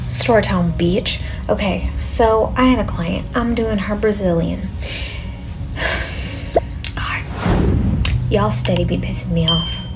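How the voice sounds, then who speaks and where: A woman's voice: medium pitch, a little slow, over loud music. A woman waxing technician telling a work story in a blunt, exasperated, cursing way. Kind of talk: casual storytelling.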